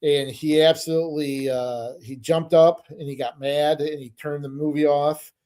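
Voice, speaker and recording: A man's voice: a little high, steady tone, moderate pace, dark tone. A middle-aged man co-hosting a podcast, telling stories in a rambling, hesitant casual chat. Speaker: podcast co-host.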